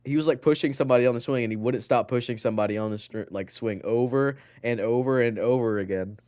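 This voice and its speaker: A man's voice: medium pitch, quick pace, a little mellow, no room sound. Young male podcast co-host, rambling casual storyteller, filler-heavy, dry close sound. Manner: rambling storyteller, loads of "like" and "bro". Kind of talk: casual chat.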